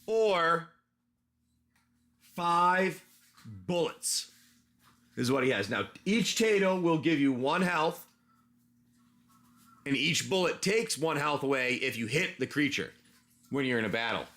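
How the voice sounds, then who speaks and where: A man's voice: mid-range voice, lively intonation, moderate pace, a bit bright. A man running a casual tabletop-style adventure as game master, rambling with many restarts.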